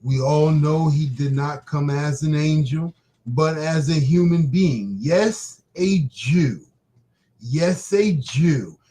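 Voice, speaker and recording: A man's voice: on the high side, takes it slowly, warm tone, rough recording. Laid-back man chatting and reading scripture. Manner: loose, laughing, talks to viewers as "man". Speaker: live stream host. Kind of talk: casual chat and Bible reading.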